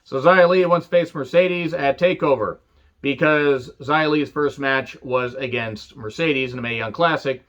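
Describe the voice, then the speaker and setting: A man's voice: mid-range voice, unhurried, a bit bright, lo-fi sound. A man reviewing a wrestling show in a casual, rambling way, sarcastic and full of profanity.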